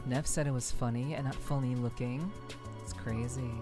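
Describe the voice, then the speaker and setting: A woman's voice: rumbling low, steady tone, moderate pace, over music. A woman streamer chatting casually with viewers, rambling, swearing freely and laughing often. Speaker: livestreamer. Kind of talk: casual livestream chat with viewers.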